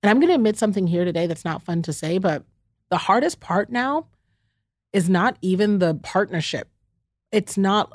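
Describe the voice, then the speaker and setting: A woman's voice: mid-range voice, animated, moderate pace, no echo, clean studio sound. A middle-aged woman, hosting a heartfelt solo chat and speaking candidly and directly to her listeners. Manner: warm, candid, talks straight to the listener as "friend" and "y'all". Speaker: podcast host.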